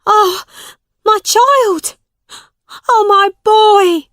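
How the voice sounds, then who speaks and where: A woman voicing a desperate poor mother who cries out for her lost son in a shrill, high-pitched voice. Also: drawn-out words, fairly bright tone, no room sound, studio quality, exaggerated voice. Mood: frantic.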